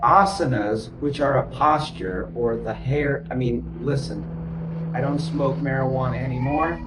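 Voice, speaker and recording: A male therapist explaining ideas to a client in an emphatic, repetitive way, sometimes chanting rhythms out loud. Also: medium pitch, measured pace, noisy background.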